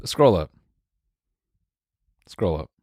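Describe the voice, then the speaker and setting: A young man co-hosting a comedy podcast, goading his partner and tripping over quick restarts. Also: low-pitched, very animated, dark tone, slightly rough, no echo, studio quality. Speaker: podcast co-host. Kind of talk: casual comedic banter.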